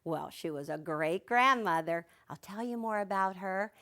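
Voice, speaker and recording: A woman's voice: medium pitch, expressive, normal speed, bright, forceful tone. An older woman demonstrating a quilt block step by step, chatty and folksy, with family stories mixed into her instructions. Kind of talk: sewing demonstration.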